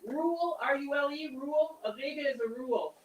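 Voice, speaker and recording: A woman at a meeting, quickly puzzling over on-screen text aloud. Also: high-pitched, rough recording. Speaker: meeting participant. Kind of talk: casual chat.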